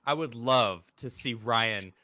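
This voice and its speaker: A man's voice: medium pitch, slow pace, bright, forceful tone, no room sound, clean studio sound. A man in a podcast chat, emphatic and looking for others to agree. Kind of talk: casual chat.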